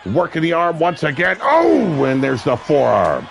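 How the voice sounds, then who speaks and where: A man calling a wrestling match play-by-play, brash and crude, with sudden shouted bursts of excitement. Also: fairly high pitch, a little slow, vocal fry, a little hiss or hum. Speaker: wrestling commentator. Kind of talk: play-by-play commentary. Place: seated at a ringside commentary table.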